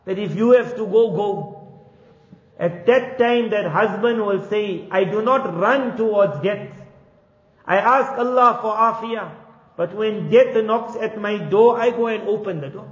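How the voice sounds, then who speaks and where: A man giving an earnest sermon, asking rhetorical questions and acting out quotes. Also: high voice. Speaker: preacher. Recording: echoey hall, dull lo-fi sound.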